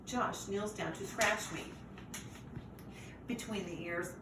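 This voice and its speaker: A woman reading a chapter book aloud to children in a lively way, pausing to ask the listeners questions. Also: mid-range voice. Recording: roomy echo, distant mic, faint noise.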